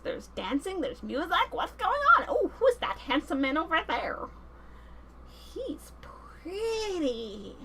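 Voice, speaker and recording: A woman vlogger giving casual, animated, slangy film commentary. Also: high-pitched, slight background noise, low-quality recording.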